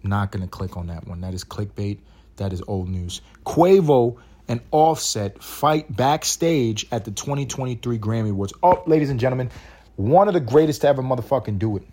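A man hosting a solo podcast from his bed, ranting in a rambling, profane, animated way. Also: on the low side, quick pace, husky. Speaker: podcast host. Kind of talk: solo casual podcast rant.

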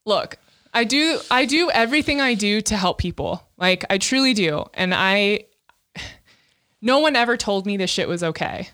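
A woman's voice: medium pitch, lively intonation, moderate pace, fairly bright tone. A woman in her thirties co-hosting a podcast, speaking openly and emotionally, with frequent laughs and fillers. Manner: open, emotional, laughs often, many fillers. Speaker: podcast co-host. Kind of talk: candid casual chat.

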